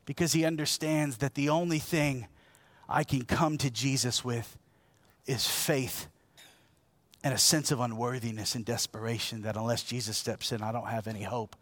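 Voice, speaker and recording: A man preaching a sermon in a lively, conversational way, asking his congregation questions and swinging between loud, emphatic peaks and quiet, low lines. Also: moderate pace, no room sound. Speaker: pastor.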